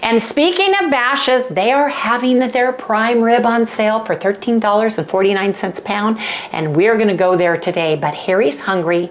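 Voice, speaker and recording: A woman's voice: on the high side, slight background noise. Chatty Southern Californian woman. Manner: chatty and rambling, quick to apologize. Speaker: channel host. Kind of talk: casual home vlog chat. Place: home kitchen.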